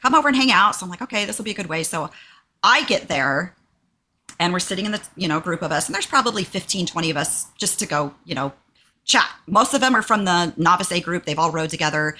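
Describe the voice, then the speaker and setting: A woman's voice: on the low side, quick pace, slight background noise. A woman from Texas co-hosting a podcast, telling a story in casual chat and acting out quoted lines in a raised voice. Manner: animated, acts out quotes in a raised voice. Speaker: podcast co-host.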